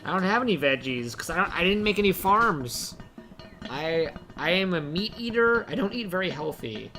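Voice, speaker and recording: A young man commenting live on his own gameplay, excitable, rambling and poking fun at himself. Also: high-pitched, moderate pace, faint music behind. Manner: excitable, rambling, self-mocking. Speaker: game streamer.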